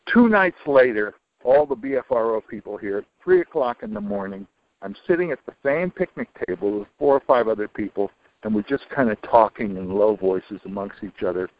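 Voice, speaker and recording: A retired older man telling a long personal story in an interview, rambling with many restarts and dropping into low, muttered asides. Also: lively intonation, moderate pace, creaky, no echo. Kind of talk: casual storytelling. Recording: dull lo-fi recording.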